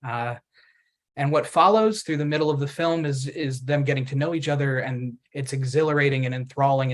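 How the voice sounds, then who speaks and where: Man, screenplay pitch, vivid storytelling, acts out quoted lines, mid pitch. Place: festival event room.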